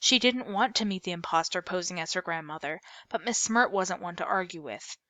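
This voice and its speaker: Lower-pitched woman reading a novel aloud. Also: a little fast, dry recording. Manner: steady read-aloud with small slips and self-corrections. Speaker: storyteller.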